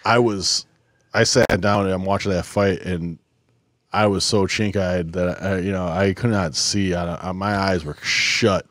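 Man, very low voice, dry close mic, rambling profane podcast talk. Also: steady tone, unhurried, a bit bright, no room sound. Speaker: podcast co-host. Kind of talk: casual chat.

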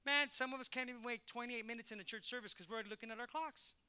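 A middle-aged male pastor preaching a sermon in an animated way, acting out Bible characters in casual slang. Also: extremely high pitch, very fast, clean tone.

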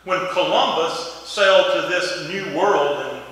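A man preaching from the pulpit in a loose, folksy storytelling manner. His voice sits a bit high and sounds bright. He is picked up from a distance in a big church, so long echoes trail behind every phrase. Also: measured pace. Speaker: pastor. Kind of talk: sermon. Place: church sanctuary. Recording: echoey hall from far off.

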